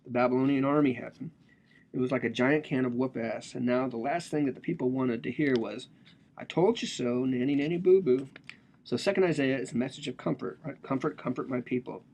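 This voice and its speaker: A man's voice: mid-range voice, fast talker, a little mellow, dull audio, a little hiss or hum. A man giving a casual, joking lecture on a religious text, explaining it with slang and asides.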